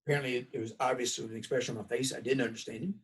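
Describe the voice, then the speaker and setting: A man's voice: medium pitch, rapid-fire, husky, far from the mic. A man with a Southern US accent giving a recorded college course lecture in a folksy, conversational way. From United States. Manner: folksy, conversational, animated storytelling. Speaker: college instructor.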